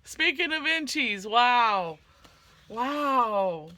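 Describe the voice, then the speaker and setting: A middle-aged woman chatting casually to camera at home in a craft vlog, with many fillers, low-key from a sinus headache. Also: very animated, extremely slow, pushed and bright. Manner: chatty, many fillers, gasps and squeals of delight. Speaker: craft vlogger.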